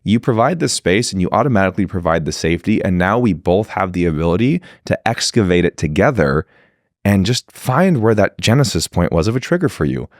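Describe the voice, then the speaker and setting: A man with a fairly low voice talks as a podcast guest, blunt and animated, with a lot of rise and fall in his speech. He swears freely and slips into acting out other people's words. The sound is dry and close, with no room echo. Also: fairly quick. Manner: animated, acts out quoted dialogue, swears freely. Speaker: podcast guest, leadership mentor. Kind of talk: casual podcast conversation.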